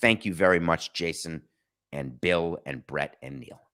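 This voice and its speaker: A man's voice: low voice, lively intonation, measured pace, gravelly, bright, forceful tone. A man hosting a podcast, giving emphatic and sarcastic opinionated sports talk. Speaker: podcast host.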